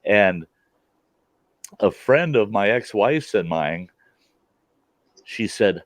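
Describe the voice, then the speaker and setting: A middle-aged man tells stories in a relaxed chat, laughing often. His low voice rises and falls with lively swings. The sound is dry and a little muffled. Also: extremely slow, no echo. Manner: laughs often, animated storytelling. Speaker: host. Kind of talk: casual chat. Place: outdoors at a campfire. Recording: dull lo-fi sound.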